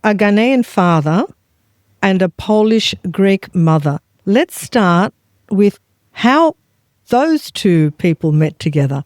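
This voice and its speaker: A woman's voice: medium pitch, very animated, measured pace, a little mellow, dry recording, clean studio sound. A woman co-hosting a podcast, asking interview questions in an upbeat, welcoming way. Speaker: podcast co-host.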